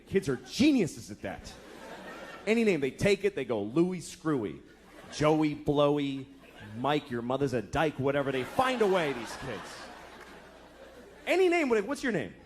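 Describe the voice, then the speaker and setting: A man's voice: medium pitch, a little hiss or hum. Profane, exasperated stand-up comedian man. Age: 30s. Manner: profane, exasperated, acts out characters in quick asides.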